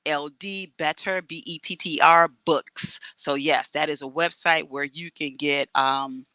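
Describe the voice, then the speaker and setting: A woman's voice: deep voice, fairly even intonation, pushed and bright, no room sound. A middle-aged woman talking earnestly on an online radio show over a video call, with frequent restarts. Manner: earnest and halting, many restarts.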